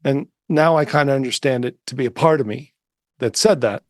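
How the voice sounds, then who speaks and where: A middle-aged man, a meditation teacher, telling a personal story in a soft-spoken, musing way with many fillers and restarts. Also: mid-range voice, fairly quick, no echo. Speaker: interview guest, meditation teacher. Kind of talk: reflective storytelling.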